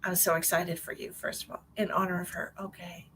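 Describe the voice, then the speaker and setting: A woman giving a live-streamed psychic reading in a chatty, animated way, with many restarts and a lot of "like". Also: lowish voice, brisk, a little hiss or hum, poor audio. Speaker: psychic medium.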